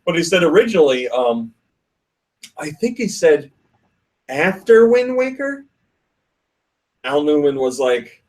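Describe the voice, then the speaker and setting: Male podcast host, a bit high-pitched, animated storyteller who laughs easily. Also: a little slow, long pauses, far from the mic. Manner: reads listener comments aloud. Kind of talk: casual podcast chat.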